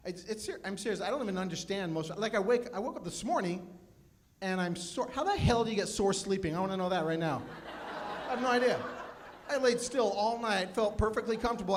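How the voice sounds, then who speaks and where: Fifty-year-old stand-up comic, higher voice. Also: male voice, noisy background. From Phoenix, USA. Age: 50s. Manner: self-deprecating, chatty with the crowd. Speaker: stand-up comedian. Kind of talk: stand-up comedy set. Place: live comedy club with audience.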